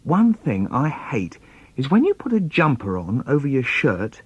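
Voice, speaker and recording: Man, children's poetry reading, lively swooping pitch, dry dull lo-fi sound. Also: measured pace, husky, no room sound. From London. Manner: playful, expressive, swooping delivery. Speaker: children's poet. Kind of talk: storytelling poem recitation for children.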